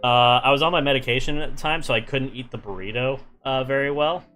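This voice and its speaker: A man's voice: mid-range voice, fast, bright, forceful tone, faint music behind. A young man streaming while he draws, telling a travel story in a rambling, casual way with many fillers and restarts.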